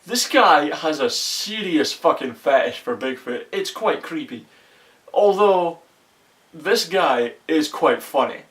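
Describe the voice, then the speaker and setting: A man's voice: a little high, expressive, slow, a bit bright. A young man in a casual, profane movie review, rambling with restarts and often exasperated. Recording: voice a bit far from the mic.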